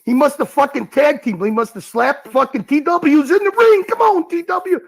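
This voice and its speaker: A man's voice: very high voice, big pitch swings, moderate pace, creaky, poor audio. A man hosting a livestream, taunting and mocking a caller in a heated argument, calling him "bud" over and over. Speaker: livestream host. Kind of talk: heated live-stream argument.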